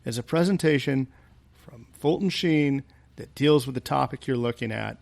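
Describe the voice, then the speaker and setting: A man's voice: medium pitch, moderate pace, gravelly, a little mellow, no echo. A man who is a guest on a podcast, chatting in a folksy way and setting up his points like small stories. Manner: folksy, storytelling. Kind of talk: casual panel chat.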